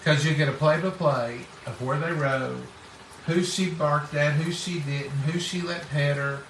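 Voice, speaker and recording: A man's voice: a little high, steady tone, a little slow, fairly bright tone, slight background noise. A middle-aged man, telling homespun stories in casual chat and acting out what people said. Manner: folksy, acts out quoted speech. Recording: roomy, distant mic.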